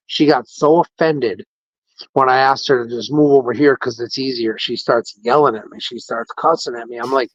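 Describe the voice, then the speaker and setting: A man casually telling an animated, indignant story about a care-facility visit, quoting the people involved. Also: medium pitch, no room sound. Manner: animated, indignant retelling with quoted dialogue. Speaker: podcast host. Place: patient room in a care facility. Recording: dull, dry lo-fi audio.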